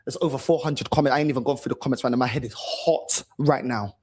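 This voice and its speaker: Speaking fast in a mid-range voice, a man hosting a fan channel rants furiously to camera about his team, swearing and repeating himself.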